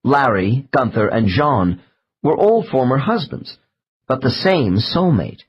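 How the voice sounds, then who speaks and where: Man, audiobook narration, measured reading, husky, dull lo-fi sound. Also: mid-range voice, sing-song. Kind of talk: scripted narration.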